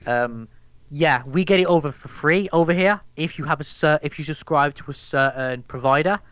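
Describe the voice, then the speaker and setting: A man's voice: on the high side, normal speed, fairly bright tone, clean tone, no room sound, dull audio. A young man with a Birmingham accent chatting casually as a podcast guest, rambling and swearing with lots of fillers. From England. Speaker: guest, MMA news account runner.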